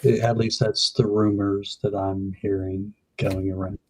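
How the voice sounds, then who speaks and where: A man's voice: on the low side, little pitch movement, unhurried, slight background noise, rough recording. A man co-hosting a livestream in casual chat, passing on news and announcements to viewers. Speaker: livestream co-host.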